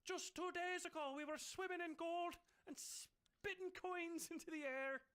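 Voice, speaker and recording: A man voicing a greedy old cartoon duck miser in a squeaky, wailing voice, without a real Scottish accent. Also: steady tone, a little slow, a bit bright. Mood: distraught.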